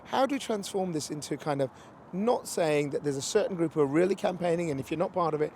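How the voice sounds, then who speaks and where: A man's voice: fairly high pitch, fast talker, a little mellow, a little hiss or hum. A man interviewing a guest outdoors, asking questions in a chatty, conversational way. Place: outdoors near a street demonstration.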